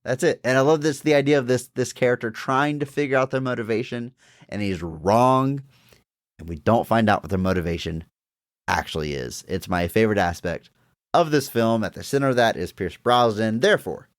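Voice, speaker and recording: Talking fairly quickly in a mid-range voice, this podcast co-host discusses a film casually and with enthusiasm, laughing often. It's studio quality with no echo.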